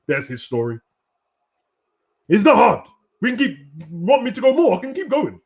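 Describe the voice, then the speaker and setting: A young man hosting a casual, animated wrestling rant full of slang, at times breaking into shouts. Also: high voice, normal speed. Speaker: host. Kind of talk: casual ranting commentary.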